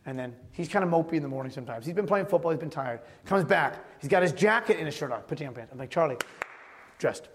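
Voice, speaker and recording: Man, pastor, sermon, conversational storytelling, sudden quiet drops, church sanctuary, echoing hall. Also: on the high side, expressive, racing, hardly any pauses. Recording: long hall reverb.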